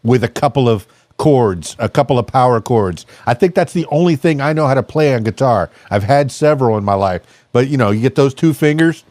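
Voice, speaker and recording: A man hosting a podcast talks in a loose, joking way, circling his point with plenty of "uh" and "you know." His voice sits at a middle pitch and sounds close and dry, with almost no room around it. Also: lively intonation, fairly quick, a little mellow, no echo. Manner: rambling, jokey, many fillers. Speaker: podcast host. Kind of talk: casual interview chat.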